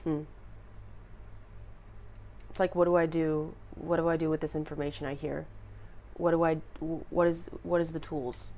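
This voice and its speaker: A young woman with a slightly low voice reads tarot cards for her viewers. She talks in a halting, heartfelt way, pausing and restarting as she goes. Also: flat delivery, darkish tone. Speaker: tarot reader. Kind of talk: intuitive tarot reading to viewers.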